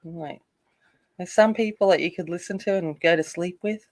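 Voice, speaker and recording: A woman's voice: fairly low pitch, normal speed, a little mellow. An Australian woman chatting casually with viewers while she colors, in a rambling, chatty way. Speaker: coloring livestream host.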